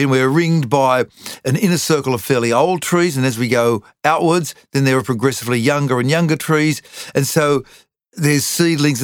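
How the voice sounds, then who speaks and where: A man co-hosting a podcast, explaining science with enthusiasm in quick numbered lists. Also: medium pitch, no echo, clean studio sound. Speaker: podcast co-host. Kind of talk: casual science chat.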